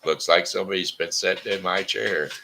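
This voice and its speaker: A man voicing a gruff, grumbling father bear in a storybook reading, blunt and complaining. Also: deep voice, fairly even intonation, fairly quick, sharp tone, slight background noise, voice pushed up, full character voice.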